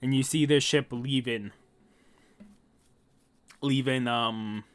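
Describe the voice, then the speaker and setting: A man reading a comic aloud and reacting with loud, swearing asides. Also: medium pitch, slow pace, clear, resonant tone. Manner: swears often, reads text aloud with excited asides. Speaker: manga reaction host.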